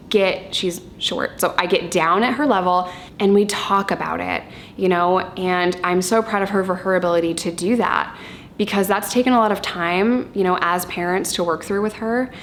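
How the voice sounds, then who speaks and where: A woman in her thirties talking candidly and casually to camera about her parenting, chatty and quick to laugh. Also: medium pitch, slight background noise. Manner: candid, chatty, laughs easily, occasional swearing. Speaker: parenting vlogger.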